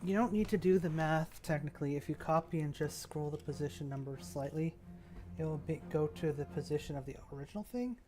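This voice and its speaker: A man's voice: on the high side, brisk, warm tone. A man thinking aloud in a casual, rambling way as he builds a game map, often trailing off. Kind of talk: casual commentary while working.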